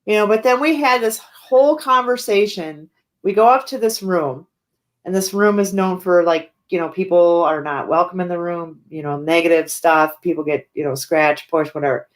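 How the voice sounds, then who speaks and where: Brief: woman guest, low-pitched, chatty storyteller, fillers and restarts, lively retellings. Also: normal speed. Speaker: haunted house owner and paranormal investigator. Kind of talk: casual storytelling interview.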